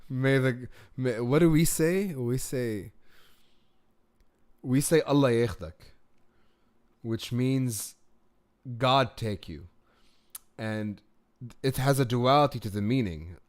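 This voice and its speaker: Man, mid-pitched voice, grew up in the gulf, casual live stream host, rambling, thinks aloud, laughs a lot, at home. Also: slow, long pauses, smooth. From United Arab Emirates. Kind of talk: casual live chat, answering comments.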